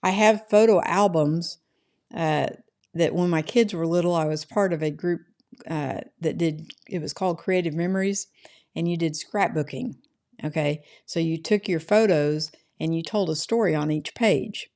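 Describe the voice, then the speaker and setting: Chatty middle-aged woman, lowish voice. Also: normal speed, a little mellow. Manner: rambling and chatty, often adds "right?". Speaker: livestream host reading chat. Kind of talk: casual livestream chat. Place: her home.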